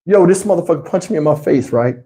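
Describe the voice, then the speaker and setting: On a rough recording, a fairly high-pitched man rattles through a casual storytime at a fast clip. He's expressive, acting out each quote and chuckling mid-story as host.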